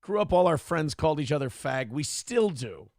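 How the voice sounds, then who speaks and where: Gravelly profane comic show host. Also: male voice, a little high, big pitch swings, moderate pace, background noise. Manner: profane, sarcastic, laughing asides. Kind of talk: crude comic commentary on news clips.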